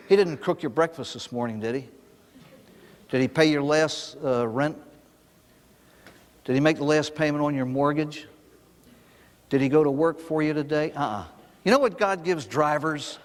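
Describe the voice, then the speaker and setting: A man's voice: a little high, in a large hall. An older man, a priest, giving a recovery talk to an audience, telling stories and asking rhetorical questions. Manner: storytelling, animated, with rhetorical questions.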